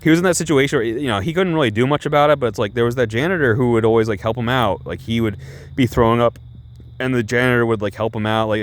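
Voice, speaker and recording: A man's voice: medium pitch, fast talker. A young man casually reviewing TV shows, chatty and rambling with many restarts. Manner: chatty, heavy use of "like" and restarts, laughing asides.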